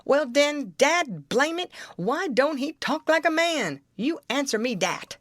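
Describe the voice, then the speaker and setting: A woman's voice: on the low side, sing-song, unhurried, dry recording, studio quality. A woman reading an audiobook, voicing a stubborn, argumentative grown man with an insistent folksy drawl.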